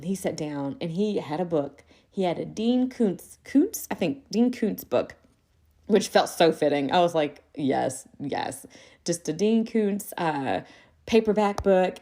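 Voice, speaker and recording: A young adult woman hosting a podcast, telling a story in a chatty, animated way and calling her listeners "y'all.". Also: mid-range voice. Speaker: podcast host. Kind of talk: casual storytelling monologue.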